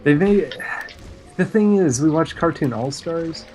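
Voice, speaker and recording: A man co-hosting a casual podcast, recapping cartoon plots in a sarcastic, deadpan way. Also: a little high, a little slow, soft background music, poor audio. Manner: sarcastic, deadpan recounting of plot. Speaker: podcast co-host.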